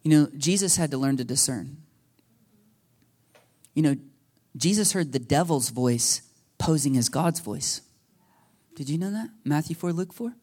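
A man preaching a sermon as a pastor, telling stories with lively energy and acting out conversations with God. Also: a little high, unhurried, pauses often. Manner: animated storytelling, acting out dialogue with God. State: a little emotional.

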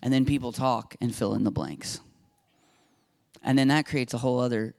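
A man's voice: medium pitch, moderate pace, creaky, long pauses, a little mellow. A middle-aged man preaching a sermon as pastor, acting out Bible dialogue with rising intensity.

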